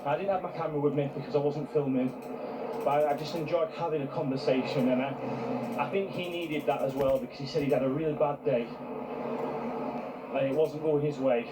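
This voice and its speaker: A man's voice: on the high side, fairly even intonation, fairly quick, background noise. Man reflecting in a roomy outdoor recording. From United Kingdom. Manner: earnest, reflective, warm-hearted storytelling. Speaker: travel vlogger. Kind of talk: casual storytelling to camera. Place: outdoors in a park.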